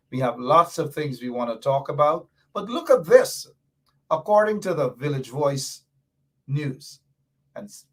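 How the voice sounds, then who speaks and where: A man with a Guyanese accent hosting a radio show, delivering fiery, emphatic political commentary with lots of repetition. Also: a little high.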